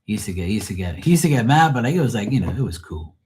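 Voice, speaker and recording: A man's voice: lowish voice, very animated, very fast, darkish tone. A man in his forties from Bermuda with a Bermudian accent, telling stories in blunt, profane casual chat on a live stream. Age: 40s.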